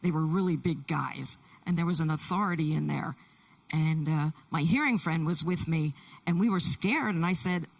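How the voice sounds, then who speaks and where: A woman interpreter voicing a Deaf man's testimony in the first person, halting, with many restarts, in a church. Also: low-pitched, creaky, far from the mic, poor audio. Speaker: sign language interpreter.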